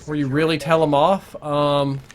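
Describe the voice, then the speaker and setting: His voice is on the high side with little pitch movement, at a moderate pace, and there's a bit of hiss or hum. The young man live-streams a game, chatting casually, thinking aloud and answering viewers between plays.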